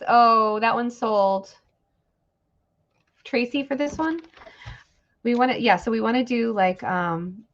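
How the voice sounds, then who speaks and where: A woman's voice: medium pitch, gravelly, a bit bright. A woman hosting a live online sale, chatting casually and rambling while she thanks viewers by name. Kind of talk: casual live-stream selling. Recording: dull lo-fi stream audio with faint noise.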